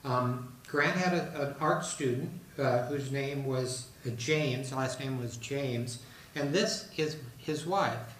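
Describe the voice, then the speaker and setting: A man giving a talk to an audience on an artist, pausing often with uh and um. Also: mid-range voice, a bit bright, a little hiss or hum. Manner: halting, with many uh and um fillers. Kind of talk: presentation to an audience. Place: hall in a retirement residence. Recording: roomy hall, mic at a distance.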